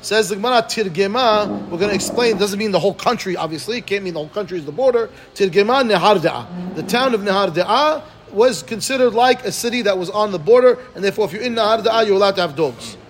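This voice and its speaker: Guy teaching talmud, high-ish voice, keeps asking right?, reads aramaic then explains it in english. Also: slight background noise. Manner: quick, animated, asks listeners "right?". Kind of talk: Talmud class.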